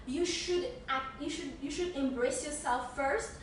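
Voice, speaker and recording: High-voiced woman, echoey distant mic. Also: measured pace, a little hiss or hum. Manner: emphatic and encouraging, repeats words when building a point. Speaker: podcast co-host. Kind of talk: casual podcast discussion.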